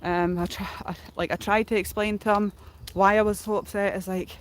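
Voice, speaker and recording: A woman's voice: medium pitch, level tone, fairly quick. A middle-aged woman, casually retelling a story on a livestream in a rambling way full of fillers, likes and ums. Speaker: streamer.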